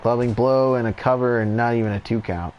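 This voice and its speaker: A man doing relaxed, chatty play-by-play commentary over a wrestling video game, going off on tangents now and then. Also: medium pitch, brisk, highs cut off.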